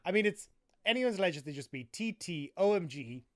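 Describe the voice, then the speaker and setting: A man's voice: high voice, expressive, normal speed, no echo. Skeptical man casting esports, dry sound. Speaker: esports caster. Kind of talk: esports analysis chat.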